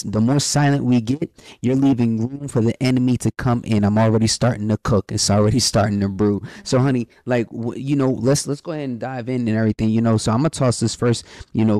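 A man's voice: medium pitch, dark tone, no room sound. A man co-hosting a podcast with his wife, talking in a casual, slangy, rambling way with lots of fillers. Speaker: podcast co-host.

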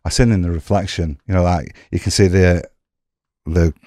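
A man's voice: sits low, fairly even intonation, moderate pace, warm tone, dry recording, studio quality. A man telling his story as a podcast guest, rambling and swearing freely. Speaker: guest, former prisoner. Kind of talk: casual storytelling.

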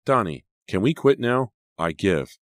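An anxious teenage girl babysitter, as a male audiobook reader puts her on, pleading and jumpy as she calls out. Her voice sits well above the reader's own deep tone, lifted and strained. The recording is close and dry. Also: sing-song, moderate pace, no echo. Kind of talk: audiobook character voice.

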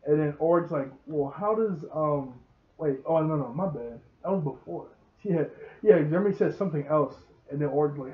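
A man's voice: a little high, normal speed. A young man, rambling through a casual episode recap and acting out the characters' lines. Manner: rambling, laughs often, acts out dialogue. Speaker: show reviewer. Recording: tinny phone-like sound.

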